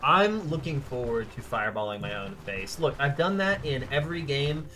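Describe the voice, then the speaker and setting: Bright-voiced chatty male game streamer. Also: medium pitch, sing-song, normal speed. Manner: chatty, rambling, talks to viewers. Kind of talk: casual gameplay commentary.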